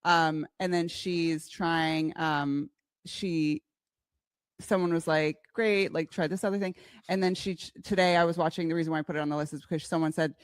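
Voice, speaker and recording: A woman co-hosting a casual chat, talking with many "like"s and "um"s and pausing as she pulls up clips. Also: low-pitched, fairly even intonation, clean tone, no echo, studio quality. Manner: chatty, filler-heavy, slows down while pulling up clips. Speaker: co-host.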